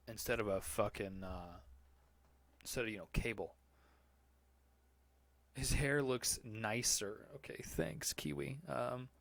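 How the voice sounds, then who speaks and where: A man's voice: mid-range voice, a bit bright, no echo. A man hosting a casual live Q&A podcast, answering chat in a rambling, profane, joking way.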